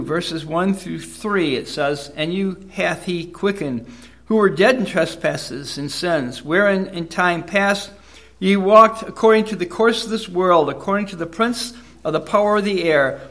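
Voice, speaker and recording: A man with a high-pitched voice delivers a sermon in an earnest, measured way. He reads scripture passages aloud between his own teaching points. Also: a bit bright. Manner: measured, earnest, reads verses in King James wording. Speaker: preacher.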